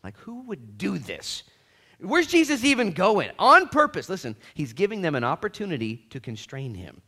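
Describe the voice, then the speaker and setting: Lively-voiced preacher, man. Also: sits high, normal speed. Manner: energetic, swings from loud to hushed; casual slang in preaching. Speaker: pastor. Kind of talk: sermon.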